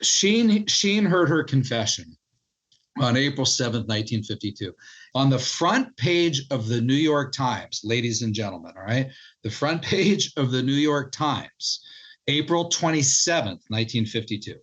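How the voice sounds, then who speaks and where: A middle-aged man, an author being interviewed, telling a story in animated fashion and acting out quoted lines. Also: mid-range voice, measured pace, slightly rough, muffled recording. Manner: animated storyteller, quotes others in their voices. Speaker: author and historian guest.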